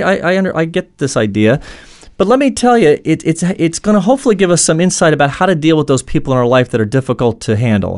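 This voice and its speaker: Earnest man explaining with stories. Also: a little high. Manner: frequent "uh" fillers and restarts. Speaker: coach. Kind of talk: instructional talk.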